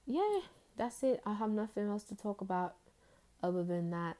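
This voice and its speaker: A woman's voice: medium pitch, expressive, moderate pace, dark tone. A woman vlogger and teacher chatting to viewers in a put-on British accent, rambling with lots of fillers. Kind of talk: casual chat to viewers.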